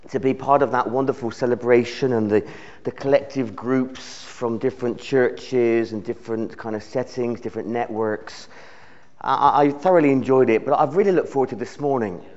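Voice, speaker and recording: A man's voice: mid-range voice, highs cut off. A man, a visiting preacher giving a sermon in a church in an earnest way, often repeating words as he builds his phrases. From United Kingdom. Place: church service.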